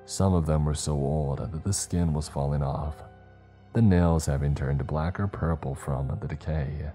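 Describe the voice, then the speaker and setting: A man narrating a horror story in a slow, measured storytelling voice. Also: extremely low pitch, fairly even intonation, dark tone. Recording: faint background music.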